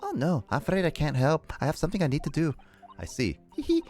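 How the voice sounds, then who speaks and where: A man's voice: on the high side, wildly swooping pitch, fast, darkish tone, soft background music, pitched above the performer's own voice. A man voicing a sweet, teasing young woman.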